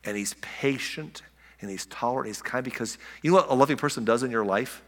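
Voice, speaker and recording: A man delivers a sermon in a bright, forward voice, talking conversationally and often restarting his phrases. He lets key words sink low and soft for effect. The sound rings with the long reverb of a large hall. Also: fast talker. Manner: conversational preaching with restarts and soft dramatic drops. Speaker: pastor.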